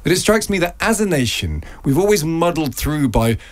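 A man hosting a breakfast radio show, chatting with guests in a measured, easy way. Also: on the high side, very animated. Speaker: radio host.

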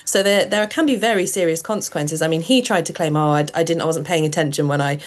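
A woman, a journalist, explaining her reporting in a measured radio discussion with frequent ums. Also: low-pitched. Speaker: journalist guest.

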